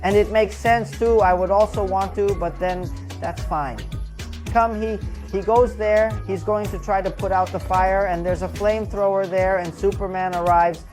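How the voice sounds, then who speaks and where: A chatty reviewer talks through an episode in a loose, rambling way. The speaker often tags lines with "right?" and "bro", at a middle pitch, with faint music behind. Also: steady tone, normal speed, darkish tone. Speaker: show reviewer. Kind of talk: casual episode recap and review.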